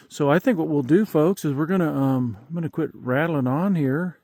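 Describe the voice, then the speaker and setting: A man's voice: fairly high pitch, normal speed, warm tone. A man in his fifties rambling folksily with lots of fillers, vlogging outdoors at night in the countryside. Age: 50s.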